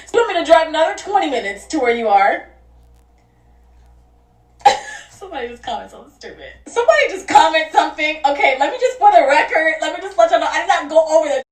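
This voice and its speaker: Young woman, high voice, storytime vlog, cursing and laughing, roomy echo. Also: a little fast. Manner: animated, profane, laughing storytelling. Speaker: vlogger. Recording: echoey room, distant mic.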